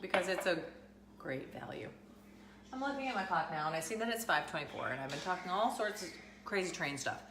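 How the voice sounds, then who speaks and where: A woman's voice: fairly low pitch, lively intonation, brisk, background noise. A woman, chatting casually to camera and rambling through everyday stories. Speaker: vlogger. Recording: echoey room with music playing.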